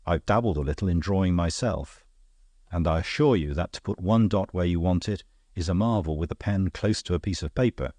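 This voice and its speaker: In this audiobook, a man gives voice to a worldly gentleman detective with a deep voice, who explains himself calmly, dryly and knowingly, with a wry edge. The pace is fairly quick, and the sound is close and dead with no room sound.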